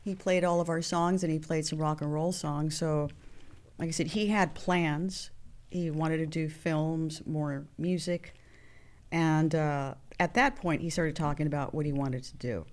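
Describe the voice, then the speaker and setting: A woman's voice: low voice, steady tone. A woman sharing personal memories as an interview guest, speaking earnestly with frequent restarts. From Mexican heritage. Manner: earnest, halting, many restarts. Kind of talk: emotional personal storytelling.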